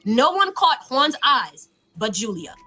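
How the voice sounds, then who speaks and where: A woman narrating a spooky story submitted by a viewer, in a lively, animated way. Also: high voice, slow pace.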